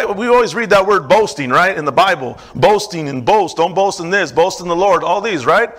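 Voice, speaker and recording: A man's voice: sits high, pushed and bright. A middle-aged man preaching a sermon as pastor, with an emphatic, repetitive cadence and casual asides.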